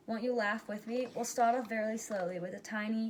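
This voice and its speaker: A woman's voice: fairly high pitch, fairly quick, slight background noise. Woman reading a rhyming storybook aloud. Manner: lively storybook reading with plain character voices. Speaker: reader. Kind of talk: reading a picture book aloud.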